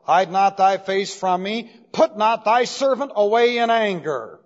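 A man's voice: high voice, lively intonation, measured pace. A male pastor giving an expository sermon, emphatic and methodical, repeating key terms as he explains them step by step. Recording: dull lo-fi recording with long hall reverb.

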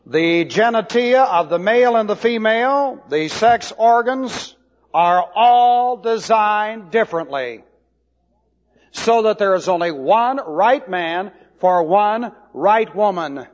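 A man teaching a sermon, slow and deliberate, spelling out Hebrew words letter by letter. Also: high voice, expressive. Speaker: Bible teacher. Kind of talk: expository sermon. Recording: dull lo-fi hall recording.

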